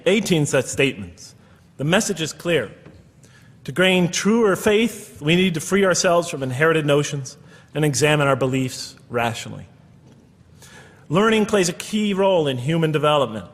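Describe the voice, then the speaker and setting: Husky man lecturing in an echoey hall. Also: fairly high pitch, very animated, normal speed. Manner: earnest, quoting and tallying references. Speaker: speaker giving a public talk. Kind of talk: lecture to an audience.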